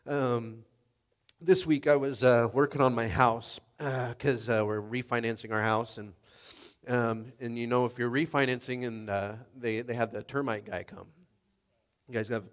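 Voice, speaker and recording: A middle-aged man pastor preaches in a loose, conversational sermon style. He is tearful and emotional, rambling with frequent fillers. His voice sits at an ordinary pitch. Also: fairly even intonation, brisk.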